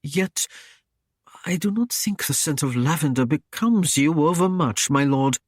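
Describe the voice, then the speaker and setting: A man's voice: on the high side, expressive, a little slow, no room sound, clean studio sound. A man reading an audiobook, voicing a polite and earnest young knight.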